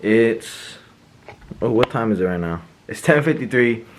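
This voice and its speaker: A young man greeting his vlog viewers casually from a studio, in a laid-back, relaxed way. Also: medium pitch, unhurried, background noise. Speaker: vlogger.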